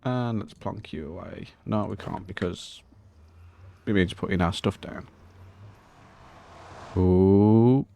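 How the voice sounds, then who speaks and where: A man's voice: deep voice, takes it slowly, gravelly, pauses often, mellow. A man hosting a Minecraft let's-play, chatting casually and scolding the game's mobs in a mock-posh, indignant way. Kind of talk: casual gameplay commentary.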